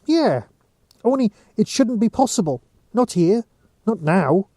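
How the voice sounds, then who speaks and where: A man's voice: sits high, big pitch swings, a little slow, dark tone, no echo, clean studio sound, pitched above the performer's own voice, exaggerated voice. The Doctor, a man voicing a touchy eccentric time traveller. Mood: earnest. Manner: absent-minded, easily affronted.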